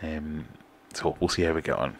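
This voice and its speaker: Low-voiced British man chatting on a livestream. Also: normal speed, gravelly. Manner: chatty, reads out viewer comments, relaxed and self-deprecating. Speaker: fishkeeping livestream host. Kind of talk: casual livestream chat.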